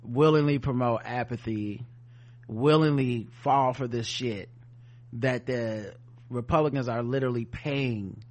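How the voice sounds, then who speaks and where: A man's voice: medium pitch, unhurried. A man co-hosting a podcast, reading news headlines and riffing on them in casual, sardonic, profane chat. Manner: profane, sardonic, reads headlines then riffs. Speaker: podcast co-host.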